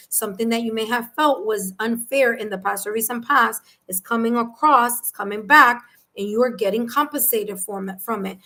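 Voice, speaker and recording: A woman with a New York accent giving a live tarot reading, animated and repeating phrases as she reads cards and chat messages aloud. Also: a little high, poor audio. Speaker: tarot reader.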